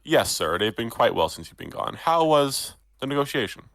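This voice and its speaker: A man's voice: medium pitch, very animated, normal speed, gravelly, fairly bright tone, no echo, clean studio sound. A man voicing a stern, weary old half-elf butler who speaks formally. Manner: formal, sighing.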